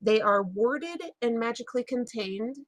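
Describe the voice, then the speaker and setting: Woman player, higher voice, hesitant in-character delivery, dry close sound. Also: a little slow, dry recording. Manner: hesitant, many fillers and restarts. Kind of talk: in-character tabletop role-play.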